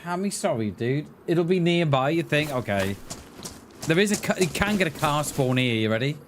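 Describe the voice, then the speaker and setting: Man, game streamer, jokey chatty delivery, animated pitch, background noise. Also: normal speed. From Wales. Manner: chatty, laughs a lot, thanks viewers, jokey asides. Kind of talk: casual live-stream chat.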